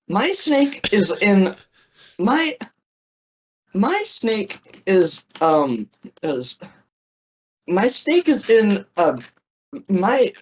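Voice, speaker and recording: An excitable podcast co-host in casual banter. The voice swings widely in pitch and has a husky edge. Words tumble out with stammers and repeats. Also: low-quality recording.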